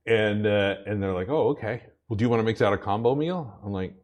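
A man's voice: fairly quick, a little mellow. Man preaching with a rambling story. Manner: rambling storyteller, many restarts, rises in pitch when preaching. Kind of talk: sermon with a personal anecdote.

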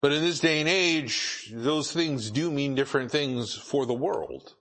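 Bright-voiced halting preacher man. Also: mid-range voice. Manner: halting, many repeated words and fillers. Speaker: pastor. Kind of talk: sermon.

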